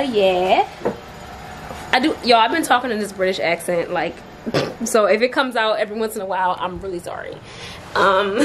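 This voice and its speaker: A woman's voice: medium pitch, fairly bright tone, slight background noise. Chatty young woman vlogging to camera. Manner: chatty, upbeat, laughs often, many fillers. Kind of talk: casual vlog chat to camera.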